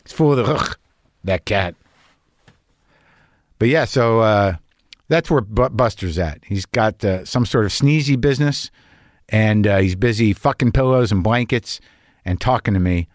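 A man's voice: lowish voice, unhurried, pauses often, no room sound. Male podcast host, comic monologue, anxious rambling, profane, self-mocking, dry close sound. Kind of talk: comedic monologue and casual chat.

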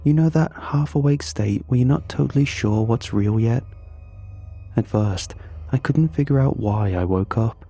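A man tells a first-person horror story at a slow, careful crawl, his uneasy delivery stretched by long pauses. His voice is very dark and somewhat husky, sitting a little low, with faint music underneath. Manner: measured, uneasy, with drawn-out pauses. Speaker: narrator.

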